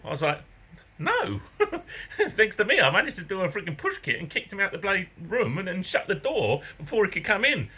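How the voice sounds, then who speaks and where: A man's voice: fairly high pitch, big pitch swings, quick pace, pushed and bright. A man from England with an English accent, telling a story to camera in a casual vlog, swearing casually and laughing often. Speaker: vlogger.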